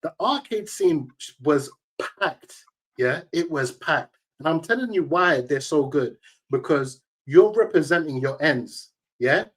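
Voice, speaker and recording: A man with a slightly high, husky voice, a tournament organizer, is an interview guest. He tells emphatic stories packed with slang in a casual storytelling style.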